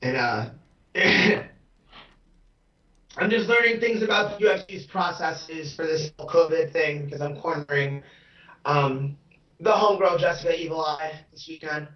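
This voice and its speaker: A man with a fairly high voice rambles through a casual podcast chat, full of fillers and laughter. He is joining over a video call, so his voice comes through distant, roomy and muffled. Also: moderate pace. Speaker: podcast co-host.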